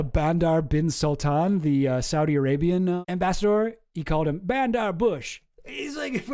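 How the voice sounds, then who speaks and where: A high-pitched man gives loose, casual commentary as he reads from documents. He rambles, swears freely and breaks off mid-sentence to restart. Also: big pitch swings, moderate pace, darkish tone. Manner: rambling, profane, self-interrupting. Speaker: channel host.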